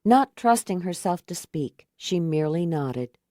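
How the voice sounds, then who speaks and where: Female audiobook narrator, horror; low, dry, measured. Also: lively intonation, mellow, no room sound.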